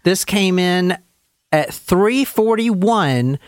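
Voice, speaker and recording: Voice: mid-range voice, extremely slow, dry recording, studio quality. Laid-back podcast host with a drawl. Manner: loose, laughing, relaxed. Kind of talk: casual chat.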